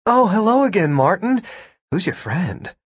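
A man voicing a friendly, easygoing adult man who chats in a relaxed way. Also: sits high, a little slow, husky, voice pushed up, full character voice.

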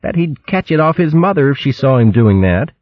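A man's voice: medium pitch, very animated, a little fast, no echo, muffled recording, voice pushed up, natural voice. A man voicing a cheerful young female hedgehog who talks in a chirpy way. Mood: amused.

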